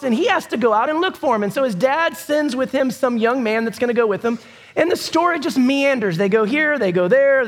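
A man's voice: very high-pitched, a bit bright. A man preaching a sermon as pastor, telling the story casually with asides to the congregation. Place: church. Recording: long hall reverb.

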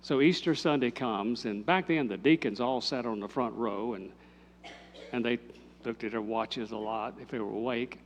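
An older man, a pastor telling a story in a sermon, moving from lively telling to hushed, intimate speech. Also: mid-range voice, normal speed, a little hiss or hum.

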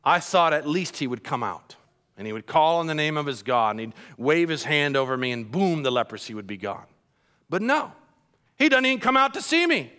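A man's voice: medium pitch, expressive, fairly quick, a bit bright, clear, resonant tone, in a large hall, pitched below the performer's own voice, lightly acted. A man doing an indignant proud commander. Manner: indignant, scoffing. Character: proud angry foreign army commander, man.

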